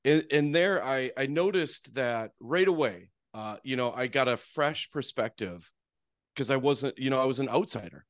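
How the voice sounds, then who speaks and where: A man's voice: medium pitch, lively intonation, moderate pace, dry recording. A man with a North Dakota accent talks through his past as a podcast guest. His voice sits in an ordinary middle register and sounds dry and close. His storytelling is loose and chatty, full of "you know" and jokes at his own expense. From North Dakota, USA. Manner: chatty and self-deprecating, with frequent "you know". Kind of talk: casual storytelling interview.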